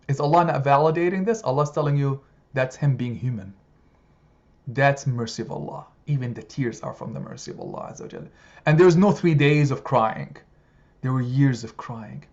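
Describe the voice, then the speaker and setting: A male religious teacher leads an impassioned study lesson, pressing his points with repetition and rhetorical questions. His voice sits a little high, and the recording sounds somewhat dull and lo-fi. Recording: slightly muffled lo-fi recording.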